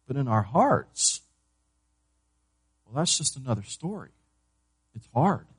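A pastor preaching a sermon to his church, moving between loud emphasis and hushed, low delivery, and asking the congregation questions he then answers. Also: very animated, takes it slowly, slightly rough, dry recording. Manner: asks the congregation questions and answers them himself.

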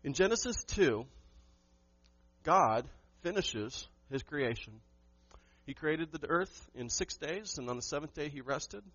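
Emphatic preaching man, fairly high voice. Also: animated, a little slow, fairly bright tone, no echo, highs cut off. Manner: emphatic, rhetorical questions to the congregation. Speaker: pastor. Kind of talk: sermon.

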